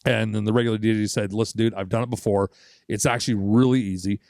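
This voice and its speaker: A man's voice: fairly low pitch, steady tone, fast talker, a little mellow, no room sound, clean studio sound. A young man co-hosting a podcast, telling a long story in a casual, profane way and acting out other people's lines. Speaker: podcast co-host.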